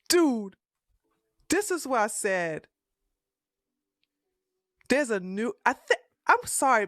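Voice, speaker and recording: A man's voice: high-pitched, fairly bright tone, no room sound, clean studio sound. A man reacting to a protest video with incredulous, profane commentary, repeating himself for emphasis.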